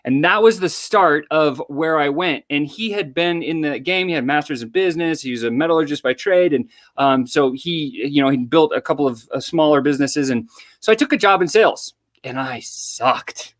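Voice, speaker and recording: A lively man in his thirties tells stories as a guest on a talk show. His voice sits a touch higher than most men's, and he acts out dialogue with bursts of energy. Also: normal speed. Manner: energetic, animated storyteller acting out dialogue. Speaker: guest entrepreneur. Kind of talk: casual interview storytelling.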